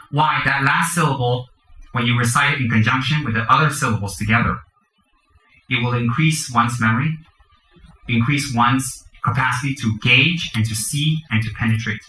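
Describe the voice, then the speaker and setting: A man's voice: medium pitch, bright, forceful tone, echoey room, rough recording. A man, a Buddhist teacher, giving a dharma teaching to a group, chanting mantras and explaining the practice with joking asides.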